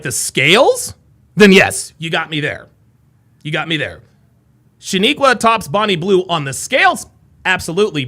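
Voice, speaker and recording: A man hosting a live reaction stream, reading viewer comments aloud with loud, crude, mocking banter that swings between yelling and mumbling. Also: sits high, gravelly. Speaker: reaction show host.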